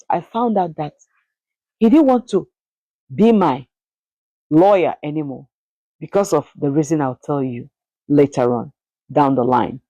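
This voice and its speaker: Low, mellow-voiced woman telling a story. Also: no echo, poor audio. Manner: emotional, halting, repeats words. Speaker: vlogger. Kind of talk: personal storytelling.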